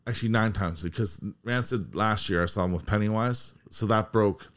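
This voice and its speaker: A man's voice: on the low side, normal speed, fairly bright tone. A man in casual chat, eager and hesitant, with lots of fillers and restarts. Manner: hesitant and enthusiastic, full of fillers.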